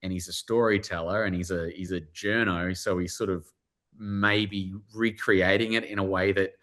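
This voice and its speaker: A man with an Australian accent, an author speaking warmly and excitedly in a live online interview, with many restarts and fillers. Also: sits low, moderate pace. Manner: animated, effusive, lots of restarts and fillers. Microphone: video call.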